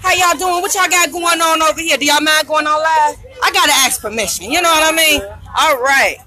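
A loud, chatty woman hosts a live radio stream from a busy outdoor street event. Her voice sits high and bright, and it comes through a phone she holds in her hand as she greets vendors. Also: a little fast. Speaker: internet radio host.

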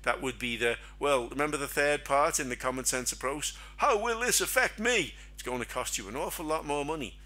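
A middle-aged man leads a trading webinar in a relaxed, talky way, firing off rhetorical questions as he goes. His voice is bright and forward, with an everyday pitch for a man. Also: fairly quick. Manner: chatty, asks rhetorical questions, acts out silly quoted voices. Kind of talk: casual teaching chat.

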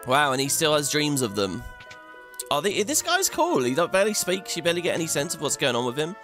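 A man's voice: a little high, quick pace. Chatty guy doing game commentary, voice jumps all over, laughs a lot, little music in the back. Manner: chatty, animated, laughs often, thinks aloud. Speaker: let's play host.

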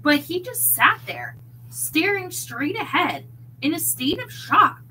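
A woman reading a mystery novel aloud in an expressive, dramatic way. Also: very high-pitched, slow pace, a little hiss or hum, low-quality recording. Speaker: narrator.

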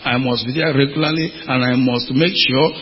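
A man's voice: medium pitch, steady tone, fairly quick. A man from Nigeria preaching a sermon as pastor, with emphatic questions thrown to the congregation. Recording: muffled audio with long hall reverb.

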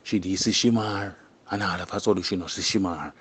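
A man's voice: deep voice, fairly even intonation, a little fast, slightly rough. A young Jamaican man speaking in patois in a casual interview, tagging his phrases with "you see me" and "you know".

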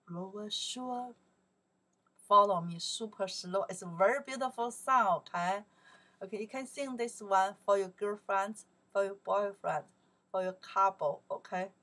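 A woman with a Chinese accent teaching a song lesson, explaining in simple English and singing lyric lines slowly. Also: medium pitch, a bit bright. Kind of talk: slow song lesson for learners.

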